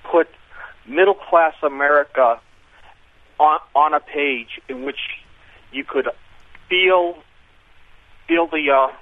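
A man's voice: a little high, takes it slowly, long pauses. Hesitant man caller on a phone line. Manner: hesitant, with many uh fillers. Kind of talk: radio call-in.

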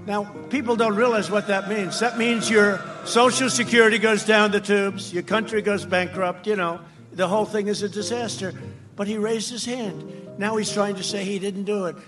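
A man giving a campaign rally speech on a stage microphone, boastful and mocking, repeating himself and often shouting. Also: high-pitched, steady tone, normal speed, over music. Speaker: political speaker at a rally. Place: large rally before a crowd.

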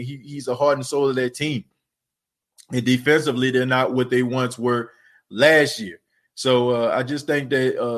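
A man hosting a podcast, rambling in casual sports talk with lots of fillers and repeats. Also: medium pitch. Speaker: podcast host.

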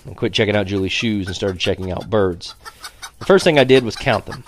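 A man reading a first-person story aloud in a lively, animated way, chuckling now and then. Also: fairly low pitch, fairly quick, slight background noise.

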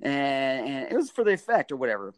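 A middle-aged man telling a story in a casual interview, animated, jumping into high-pitched bursts when he acts out what people said. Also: fairly quick, no room sound, studio quality. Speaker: guest, stadium mascot performer.

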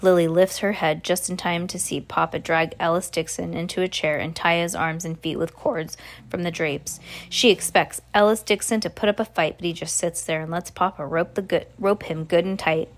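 A woman's voice: fairly low pitch, steady tone, moderate pace. A woman reading a ghost story aloud expressively, dropping in casual asides. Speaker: storybook reader.

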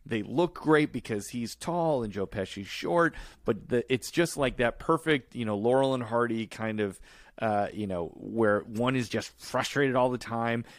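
A man's voice: medium pitch, a little slow, dry recording. Male podcast co-host, casual chat, laughs easily, dry close-miked sound. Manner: chatty, laughs often.

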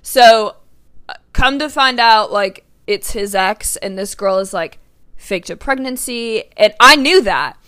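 A young adult woman hosts her own podcast and tells a story in a loose, chatty way. Her voice is bright and clear. She leans hard on her words, swears freely and fills her sentences with "like.". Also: fairly high pitch, animated, a little slow. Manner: emphatic, swears often, lots of "like". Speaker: podcast host. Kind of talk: casual storytelling.

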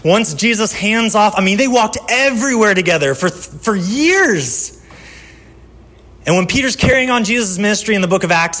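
A man pastor giving a sermon in a conversational style, telling personal stories and dropping from lively to hushed. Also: high-pitched, moderate pace.

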